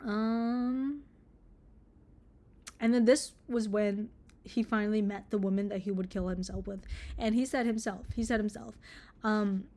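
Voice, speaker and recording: A woman's voice: medium pitch, steady tone, a little slow, long pauses, warm tone. A young woman reviewing a book in a casual vlog, ranting, sarcastic and swearing freely. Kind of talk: casual book review with read-aloud passages.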